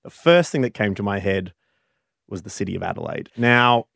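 A man's voice: fairly low pitch, lively intonation, moderate pace, vocal fry, a bit bright, dry recording, clean studio sound. A young man co-hosting a radio show, telling rambling, jokey stories. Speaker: radio host. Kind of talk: casual radio chat.

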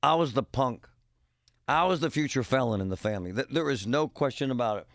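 Gravelly-voiced man joking on radio. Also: medium pitch, lively intonation, brisk, no room sound, clean studio sound. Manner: joking, rambling, emphatic with punchy exclamations. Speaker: radio show host. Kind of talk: casual talk-radio monologue.

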